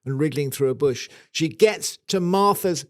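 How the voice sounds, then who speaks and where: A man tells a playful, made-up story to his co-host in easy, casual talk. His voice sits a little high for a man and sounds close and dry, with no room around it. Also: moderate pace, a bit bright, no room sound. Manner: playful storyteller, spins comic scenarios. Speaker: garden show co-host. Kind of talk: casual podcast banter.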